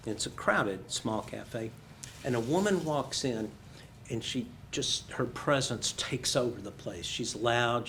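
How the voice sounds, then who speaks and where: An older man from the United States, speaking in a mid-range voice with a bit of hiss or hum in the recording, appears as a guest in a career conversation. He tells stories laced with self-deprecating humor.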